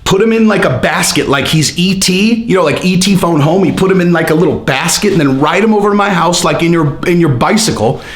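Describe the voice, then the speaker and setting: Speaking high, fairly fast, and with few pauses, a man mocks comments he reads out on his channel. The delivery is casual, animated, and sarcastic, rambling along with many fillers in an echoey room.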